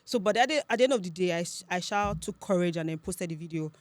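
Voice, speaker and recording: A woman's voice: lowish voice, fast talker, dry recording. A young woman with a Nigerian accent, a podcast guest telling stories with animation, laughing often and acting out what others said. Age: young adult. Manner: animated storyteller, laughs often, acts out quoted speech. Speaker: guest, accent content creator. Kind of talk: casual podcast interview.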